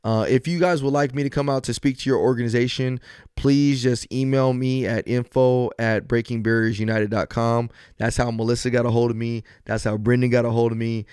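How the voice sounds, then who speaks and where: A man hosts a podcast by himself, with a smooth, clear voice recorded close and dry. He moves from earnest encouragement to loose, joking storytelling. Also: mid-range voice, steady tone, a little fast, a little mellow, no room sound. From US West Coast. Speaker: podcast host. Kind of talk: solo podcast talk.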